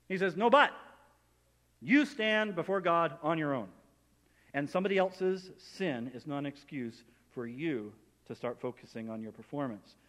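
A male pastor preaching a sermon, animated, acting out imagined inner voices as he teaches. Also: on the high side, normal speed. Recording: long reverb of a hall.

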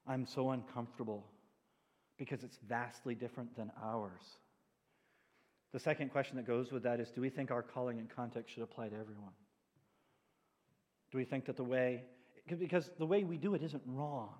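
A man preaching as a pastor, telling stories with animated asides in a church sanctuary. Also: mid-range voice, moderate pace, pauses often. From New England. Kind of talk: sermon. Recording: long church hall reverb.

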